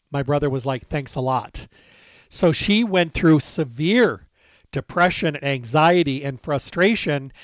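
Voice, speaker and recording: A middle-aged man with a somewhat high voice talks straight into a close mic, casual and emphatic, slipping into the back-and-forth of remembered conversations. The sound is bone-dry and a little dull, like a lo-fi recording. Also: no echo. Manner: emphatic, conversational, acts out quoted dialogue. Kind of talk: casual storytelling monologue.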